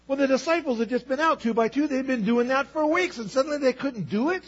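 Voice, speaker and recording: A man's voice: extremely high pitch, animated, fast talker, hardly any pauses, slightly rough, lo-fi sound. A man preaching a sermon as pastor, emphatic, acting out Bible voices as he tells the stories.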